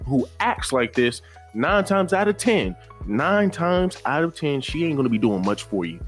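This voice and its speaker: A man's voice: fairly high pitch, very animated, moderate pace, faint music behind. A man hosting a reaction commentary channel, lecturing emphatically and repeating his points. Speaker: commentary host.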